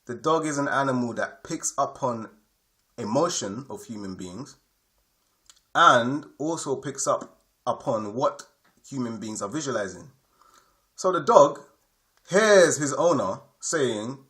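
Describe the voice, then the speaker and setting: Bright-voiced man teaching spirituality. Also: mid-range voice, expressive, measured pace, long pauses. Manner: emphatic, repeats points, checks in with "okay", laughs often. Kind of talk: explanatory spoken lesson.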